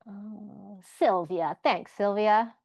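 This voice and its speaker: Over a video call, a woman leads an online group Sanskrit lesson, carefully demonstrating each sound of the pronunciation. Her mid-range voice is slow, creaky and somewhat dark, with no room sound.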